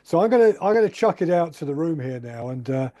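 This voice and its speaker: A man hosting a club talk, chatty and halting, laughing often as he tells his own story. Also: on the high side, big pitch swings, dark tone, no echo. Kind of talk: casual chat.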